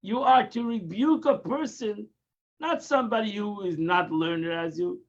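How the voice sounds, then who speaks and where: Here the Torah teacher's high voice moves unhurriedly over dull audio. Teaching the daily Tanya lesson, he patiently explains, restarts and repeats phrases, and drops in Hebrew terms.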